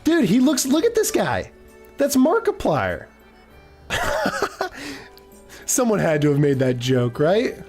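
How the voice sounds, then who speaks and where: A man's voice: sits high, wildly swooping pitch, soft background music. A man streaming a game, chatting casually and rambling off mid-sentence as he reads his chat. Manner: rambling, distracted, quick to trail off.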